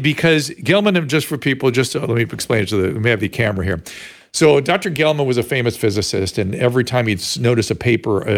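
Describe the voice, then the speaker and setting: A man hosting a talk show, telling a story in a casual, animated way with frequent restarts. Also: medium pitch. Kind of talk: casual conversational interview.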